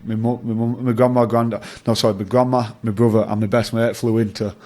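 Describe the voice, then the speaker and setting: A man's voice: mid-range voice, flat delivery, quick pace, warm tone. A young man with an English accent, a rugby league player chatting as the interview guest, rambling with frequent fillers and swearing, calling people mate. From England. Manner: rambling, laughs often, swears, says mate. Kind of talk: casual interview chat.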